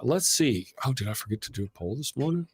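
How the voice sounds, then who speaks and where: A man's voice: medium pitch, animated, fast, darkish tone, slightly rough. A man co-hosting a live atheist talk stream, rambling casually and reading viewer comments aloud. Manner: rambling, self-deprecating, reads viewer super chats aloud.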